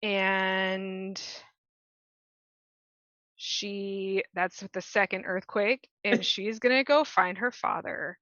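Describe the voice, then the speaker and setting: A woman playing in a tabletop role-play, slowly describing her character's actions. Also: medium pitch, steady tone, fairly bright tone, clean tone, no room sound, highs cut off. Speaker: player.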